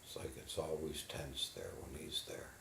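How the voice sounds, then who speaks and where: A man in a guided imagery therapy session, slowly and haltingly describing what he feels in his body. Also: extremely low pitch, animated, gravelly, pushed and bright, roomy sound, slight background noise. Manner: slow, halting, inward reporting of body sensations. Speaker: therapy client.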